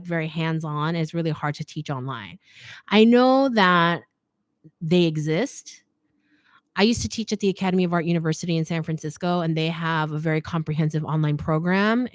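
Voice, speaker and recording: A woman in her thirties hosting a live Q&A stream, a chatty, animated storyteller who keeps adding "okay?". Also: lowish voice, no room sound. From United States. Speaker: host of a fashion design channel. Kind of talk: live Q&A stream, casual chat.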